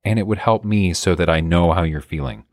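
Male co-host, dad, very low voice, relaxed, dry wit, close dry mic. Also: brisk, dry recording. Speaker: podcast co-host; father. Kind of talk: casual chat.

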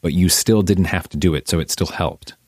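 A man offers calm, reflective reassurance in a casual podcast chat. His voice sits extremely deep. The sound is dry and close. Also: a little fast, dry recording.

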